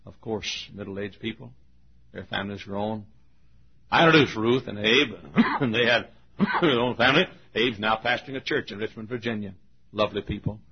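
Animated husky preacher, older man. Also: lowish voice, normal speed. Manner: animated, acts out voices, shouts at peaks. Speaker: pastor. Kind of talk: sermon storytelling. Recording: muffled lo-fi recording.

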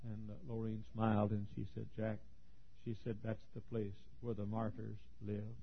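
A man preaching a sermon, telling a story with strong emotion that swings between hushed tones and near-shouting, with stammers and small chuckles. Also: lowish voice, level tone, moderate pace, gravelly, husky. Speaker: pastor. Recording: dull lo-fi recording.

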